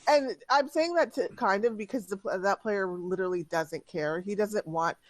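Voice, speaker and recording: A woman's voice: medium pitch, moderate pace, few pauses, no echo. A woman who is the game master, chatting casually before a tabletop session in a talkative way with lots of filler words.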